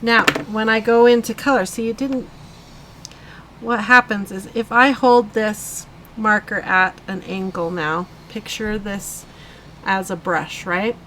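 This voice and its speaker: Woman, live coloring host, relaxed slow pace, chatty demonstrating, faint background noise. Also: mid-range voice, poor audio. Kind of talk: casual live tutorial.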